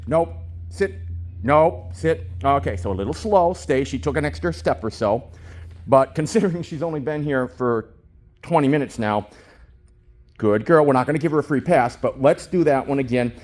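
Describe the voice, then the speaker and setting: A man in his fifties, a dog trainer, narrating a training session while holding a phone. He gushes with praise, slips into baby talk with the dog and gives crisp, short commands. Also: medium pitch, a little fast, darkish tone. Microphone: phone held in hand.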